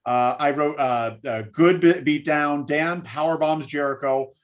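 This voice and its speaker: A man hosting a casual wrestling talk show who rambles and reads out viewer comments. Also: on the high side. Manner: rambling, many fillers, drawn-out. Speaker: podcast host reading viewer comments. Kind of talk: casual chat.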